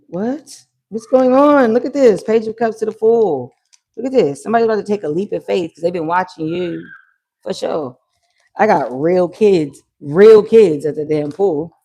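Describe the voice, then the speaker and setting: Animated slangy woman reading tarot. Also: on the low side. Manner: animated, slangy, swearing, bursts of laughter. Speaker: tarot reader. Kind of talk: live-stream tarot reading. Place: at home near a pool, kids heard.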